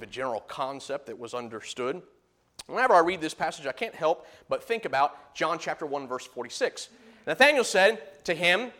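A man delivering a sermon in a high-pitched voice. He pushes the scripture readings out loud and emphatic, then sinks into low, hushed explanation. It is a steady teaching preacher's delivery. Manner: emphatic, swings from loud high bursts to low quiet asides.

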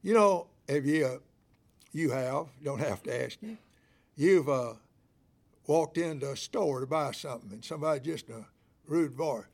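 An older man delivers a sermon with a gravelly, creaky voice pitched a little high. He is fervent and folksy, building to loud emphatic passages and then dropping into quiet, conversational asides. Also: moderate pace. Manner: folksy, acts out shop clerks and a church member in quoted voices. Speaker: preacher.

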